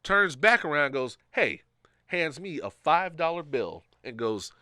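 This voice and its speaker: A man co-hosting a podcast, telling a story in a casual, animated way and acting out the people he quotes. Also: on the high side, measured pace, clear, resonant tone, dry recording, clean studio sound. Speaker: podcast co-host.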